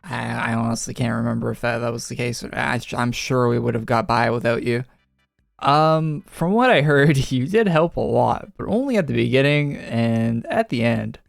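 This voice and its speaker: A male gaming streamer reads game dialogue aloud in a gravelly, fry-laden voice and breaks off for wry jokes. He is recorded dry and close on a studio microphone, with faint game music behind him. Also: medium pitch, moderate pace, no room sound. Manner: wry, joking asides between flat readings. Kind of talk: reading game dialogue aloud with casual commentary.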